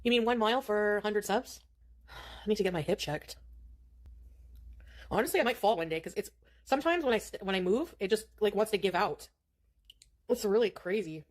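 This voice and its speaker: A woman's voice: mid-range voice, animated, normal speed, long pauses. A middle-aged woman chatting on her own stream while eating, in a rambling way.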